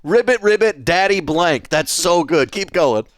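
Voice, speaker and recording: A man's voice: a little high, lively intonation, a little slow. A man hosting a live stream in casual chat, who laughs often, repeats himself and swears freely while reacting to jokes. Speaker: streamer host.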